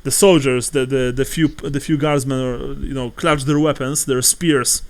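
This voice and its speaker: A man narrating a tabletop game as game master, halting and full of restarts. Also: medium pitch, fairly even intonation. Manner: halting, laughs often, many restarts.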